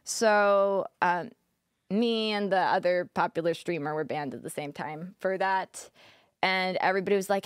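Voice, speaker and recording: A woman's voice: on the low side, expressive, unhurried, no echo, studio quality. A young woman speaking as a podcast guest in a candid, casual interview, full of "like" and frequent laughter. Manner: casual, filler-heavy with frequent "like", laughs often. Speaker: podcast guest, former streamer.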